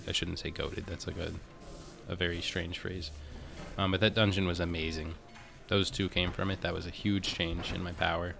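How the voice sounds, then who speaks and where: A man's voice: low-pitched, vocal fry, pushed and bright, a little hiss or hum. A man giving casual, chatty commentary over his own gameplay, talking to himself and the game as he plays. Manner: chatty, talks to himself and the game, frequent restarts. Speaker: let's play host.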